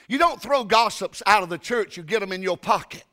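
A preacher with a high, piercing, very bright voice. He tells his story in an animated way, stumbling over restarts and then erupting into loud bursts as he drives home his sermon. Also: a little fast.

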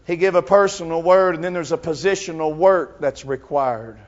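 A man's voice: on the high side, moderate pace, lo-fi sound. A man in his fifties preaching a sermon fervently, with frequent filler sounds between phrases.

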